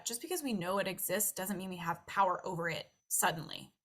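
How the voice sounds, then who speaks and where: A young adult woman coaching on nutrition in a casual, chatty way, her tone bright and clear. She talks animatedly and slips into little acted voices for the thoughts in her head. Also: fairly low pitch, fairly quick. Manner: animated, acts out her own inner thoughts in quoted voices. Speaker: nutritionist and weight loss coach.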